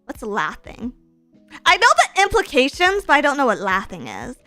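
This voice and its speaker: A woman streamer chatting casually and reading out viewer donations, giggly and excitable, with teasing, playfully sarcastic banter and sudden shrieking laughs. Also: high-pitched, normal speed, faint music behind. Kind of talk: casual live-stream chat.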